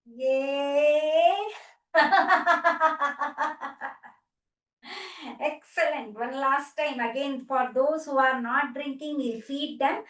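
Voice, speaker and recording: Indian English woman, yoga instructor, slow and encouraging, slightly high voice, recorded from a distance. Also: fairly bright tone. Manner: upbeat, encouraging, cues exercises with bursts of laughter. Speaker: yoga and laughter therapy instructor. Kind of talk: guided group wellness session. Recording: distant from the mic.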